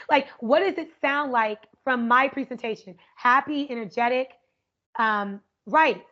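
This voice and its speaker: A woman's voice: sits high, a little slow. Upbeat woman teaching over a video call. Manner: energetic and upbeat, often asks "right?". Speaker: educator leading an online workshop. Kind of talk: interactive online workshop talk. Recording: muffled lo-fi video call audio.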